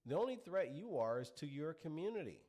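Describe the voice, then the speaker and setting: A middle-aged man holds forth in a preachy talk-show monologue. His pitch swings up and down as he drives home his points with rhetorical questions. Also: sing-song, brisk, a little mellow. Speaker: commentary show host. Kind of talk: opinionated monologue.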